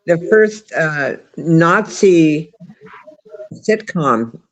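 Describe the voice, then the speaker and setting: A man's voice: fairly high pitch, animated, very slow, rough recording. Chatty laughing man host. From United States. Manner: chatty, laughing, many restarts. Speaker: livestream host. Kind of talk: casual chat.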